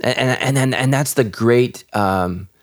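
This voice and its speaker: A man's voice: medium pitch, measured pace. A man who is a pastor and podcast host, talking earnestly, often repeating words and restarting. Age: adult with children. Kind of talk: casual podcast conversation.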